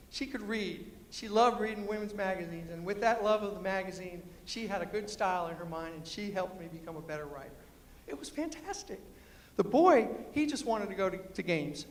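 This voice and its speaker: A man giving a humorous storytelling speech at a university, punchy and emphatic, acting out the lines he quotes. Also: sits high. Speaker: storyteller and motivational speaker. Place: university lecture hall. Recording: echoey hall, long reverb.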